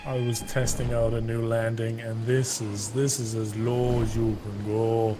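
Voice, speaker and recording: A man's voice: mid-range voice, flat delivery, measured pace. Teasing man on a noisy voice chat. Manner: teasing, dry jokes, laughs a lot. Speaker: co-player. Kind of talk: casual gameplay chat.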